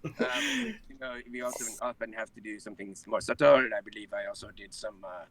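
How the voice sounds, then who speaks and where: A man who works as a voice actor, chatting as an interview guest, animated and chuckling as he tells stories about his work. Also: lowish voice, a little fast, far from the mic. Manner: animated, chuckles while telling anecdotes. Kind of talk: casual interview chat.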